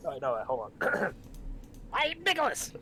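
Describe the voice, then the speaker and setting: A man's voice: high-pitched, huge pitch swings, unhurried, sharp tone, slight background noise, voice pushed up, heavily acted. A man voicing a pompous young male villain in a pinched, nasal voice. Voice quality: nasal, pinched from holding his nose.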